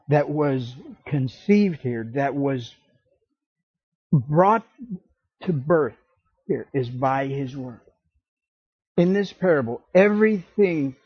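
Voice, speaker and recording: A man preaching a sermon as pastor, slow and emphatic, acting out the scripture quotes. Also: fairly high pitch, husky, dry recording, dull audio.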